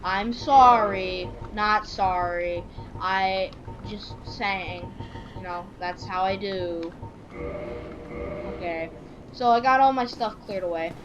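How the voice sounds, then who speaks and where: A woman's voice: medium pitch, takes it slowly, dull audio, soft background music. A woman from Michigan hosting a casual let's-play, rambling and joking as she plays. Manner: rambling, joking, laughs often. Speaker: gaming channel host.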